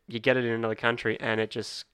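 A man's voice: mid-range voice, level tone, fast talker, fairly bright tone, clear, resonant tone, no room sound. Chatty Australian man, dry close sound. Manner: rambling, laughing, chatty. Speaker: podcast co-host. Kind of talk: casual chat.

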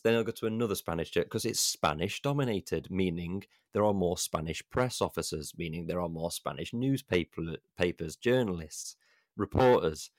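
A man's voice: lowish voice, no room sound, studio quality. A British man in casual podcast chat, blunt and rambling, swearing freely and mimicking other people's voices. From United Kingdom.

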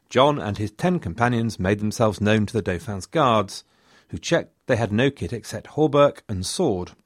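A man narrating a history podcast, his fairly low voice swinging lively up and down as he tells the story. He slips in wry asides, and the recording is dry and close. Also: dry recording. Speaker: podcast host.

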